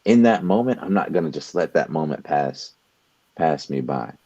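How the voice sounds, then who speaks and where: A man's voice: extremely low pitch, lively intonation, normal speed, warm tone, no echo, highs cut off. A young man co-hosting a podcast, giving an earnest motivational talk and often repeating words as he builds his point. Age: young adult. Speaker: podcast co-host.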